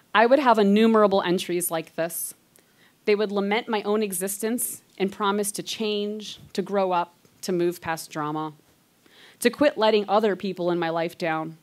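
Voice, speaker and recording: A woman's voice: medium pitch, normal speed. A woman in her thirties performs a live personal story, reading old diary entries aloud with candid, self-mocking asides. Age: 30s.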